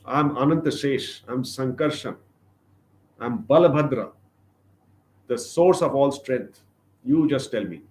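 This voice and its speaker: A man's voice: mid-range voice, rapid-fire, few pauses, roomy sound, close to an everyday voice. A man voicing a fiercely protective divine older brother, in a raised, commanding storytelling voice during a religious class. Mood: furious.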